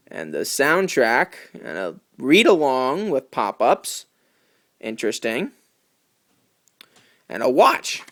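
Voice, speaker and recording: A young New Yorker who collects videos gives a casual unboxing commentary in a mid-range voice. He's chatty and keeps tossing in jokey asides.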